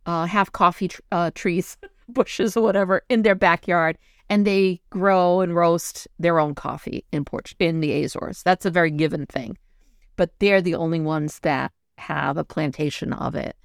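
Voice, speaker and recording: A woman's voice: fairly low pitch, normal speed, gravelly, smooth, no room sound, studio quality. A middle-aged woman co-hosting a casual chat, telling stories animatedly and getting emotional. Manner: animated storytelling, gets emotional. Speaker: co-host.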